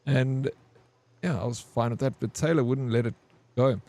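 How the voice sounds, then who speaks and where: A man speaks at a normal speed in a mid-range, dark voice while streaming gameplay. His anecdote is long and rambling, peppered with profanity and frequent use of "bro."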